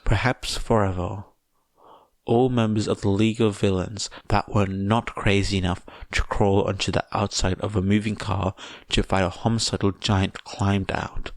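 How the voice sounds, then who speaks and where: A man reading fan fiction aloud as a podfic narrator, in a measured, even way. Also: on the low side, dry recording. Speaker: podfic reader.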